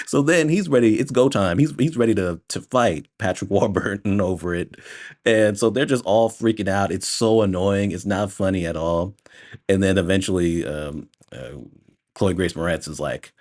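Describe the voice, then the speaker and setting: A young man with a notably deep, low voice talks through a movie review in a loose, rambling way. He keeps breaking into laughs and sounds exasperated at what he describes. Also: lively intonation, normal speed, darkish tone. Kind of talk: casual spoken movie review.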